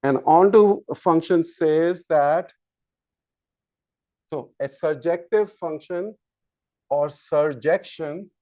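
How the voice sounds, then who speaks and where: Slow, halting male math lecturer. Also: a little high, darkish tone, no room sound. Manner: slow, halting, many fillers and restarts. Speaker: university lecturer. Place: classroom. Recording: dull lo-fi lecture capture.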